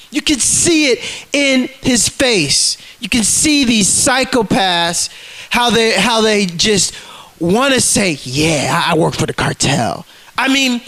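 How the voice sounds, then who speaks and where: A man's voice: high voice, fairly bright tone. A man ranting to camera in a vlog, agitated and profane, often repeating himself. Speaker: vlogger.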